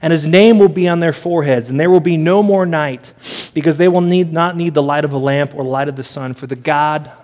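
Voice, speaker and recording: A man's voice: a little high, fairly even intonation, a little fast, darkish tone. A man preaching a sermon to a congregation, earnest and building his points through repeated phrases. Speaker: pastor.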